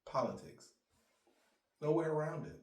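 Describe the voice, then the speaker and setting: A man's voice: fairly high pitch, a little slow. A man ranting in a heated, profane, rambling monologue, recorded in a roomy space from a distance. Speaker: vlogger. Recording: roomy sound, mic far off.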